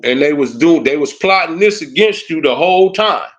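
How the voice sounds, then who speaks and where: Lo-fi sound captures a man with a fairly high voice ranting at normal speed, barely pausing. The livestream commentator is heated and taunting in this casual rant, repeating "huh" and "you know what I'm saying."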